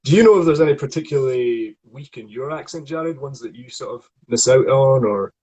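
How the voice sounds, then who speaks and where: A man's voice: medium pitch, expressive, a little fast, darkish tone, breathy edge, rough recording. A man leading a voice lesson, guiding a student through tongue and articulation exercises and demonstrating the sounds himself. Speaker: voice coach. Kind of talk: guided vocal warm-up lesson.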